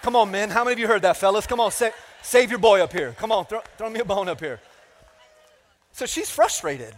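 A man's voice: sits high, fairly quick. A man pastor preaching a sermon in a large church, telling a self-mocking story and calling out to the congregation. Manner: animated, self-mocking storytelling with crowd call-outs. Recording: reverberant church hall.

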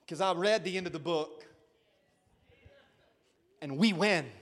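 High-voiced pastor shouting an Easter sermon. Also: male voice, slow pace. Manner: dramatic preaching, swinging from shouts to hushed lines; calls out to the congregation for response. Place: church service before a congregation.

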